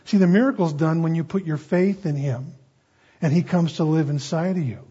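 A male pastor giving an earnest, storytelling sermon, slowing down on key phrases. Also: on the high side, dark tone, husky. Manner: earnest, storytelling, slows for emphasis. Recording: dull lo-fi recording.

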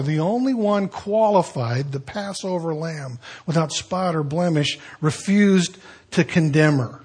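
A man's voice: a little high, measured pace, a little mellow, husky. A man preaching a sermon, retelling stories in a folksy, conversational way with joking asides.

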